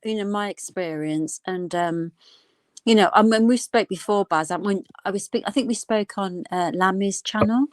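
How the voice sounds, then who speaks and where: A woman's voice: medium pitch, normal speed, no echo. A woman calling into a live stream in casual chat, hesitant with many ums and you-knows, sounding indignant. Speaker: caller on a livestream panel.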